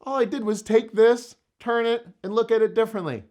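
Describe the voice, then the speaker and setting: A man's voice: extremely high pitch, fairly even intonation, a little fast, darkish tone. A man giving an emphatic motivational self-help talk, repeating phrases for effect. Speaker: motivational speaker.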